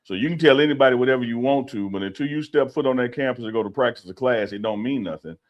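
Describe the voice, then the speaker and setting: A man co-hosting a casual sports talk show, animated and opinionated, repeating himself as he makes his point. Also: medium pitch, quick pace, dull audio. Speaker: co-host.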